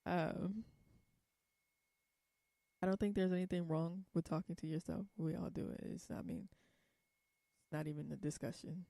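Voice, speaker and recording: A young woman from California rambles through a casual vlog, blunt and quick to swear. Her voice sits a little low and sounds mellow and dark. The recording is dry and close, with almost no room sound. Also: fairly even intonation, vocal fry, dry recording. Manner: blunt and profane, rambling with many ums. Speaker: vlogger.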